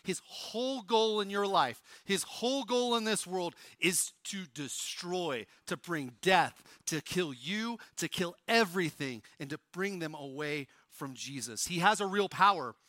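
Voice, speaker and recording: A high, bright-toned male pastor from Oklahoma delivering a sermon on stage. He is animated, rising loud and dropping to a hush. The sound is close and dry, with no room echo. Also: unhurried, hardly any pauses. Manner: animated, swings from loud to hushed.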